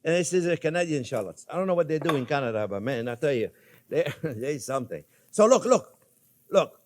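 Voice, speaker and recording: A man's voice: mid-range voice, fast, slight background noise. An older man hosting a cooking show, chatting playfully with viewers as he cooks. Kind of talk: casual cooking demonstration.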